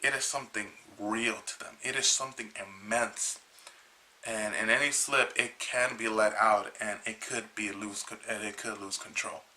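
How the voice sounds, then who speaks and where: A man with a very bright, sharp-edged voice retells a comic book's plot in a loose, casual way. He rambles and halts, restarting his sentences often, and sounds a little tired. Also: on the low side, steady tone, poor audio. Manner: rambling, halting, with many restarts. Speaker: comic book reviewer.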